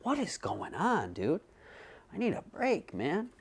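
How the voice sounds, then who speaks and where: A man hosting a homemade comedy show, rambling profanely through jokey stories and putting on quick voices. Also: sits high, wildly swooping pitch, creaky, slightly rough. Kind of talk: comedic monologue. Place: bedroom.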